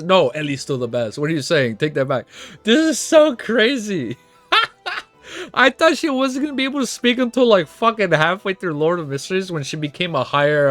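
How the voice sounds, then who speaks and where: A man reading a web novel aloud on stream, breaking off into excited, profane reactions and laughter. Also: high-pitched, no echo.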